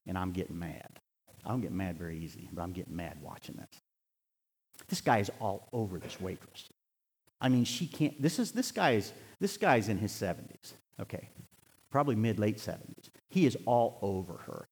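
An older man preaching a sermon in a church, swinging between impassioned near-shouts and quiet storytelling. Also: fairly low pitch, lively intonation, normal speed, breathy edge. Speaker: pastor. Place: church sanctuary. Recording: long hall reverb.

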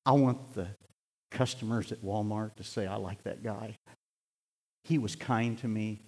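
A man's voice: on the low side, steady tone, a little slow. Older male preacher; heartfelt sermon delivery with big swings in intensity, echoing church hall. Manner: impassioned preaching, rising to near-shouts then dropping to quiet storytelling. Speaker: pastor. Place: church sanctuary. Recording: long hall reverb.

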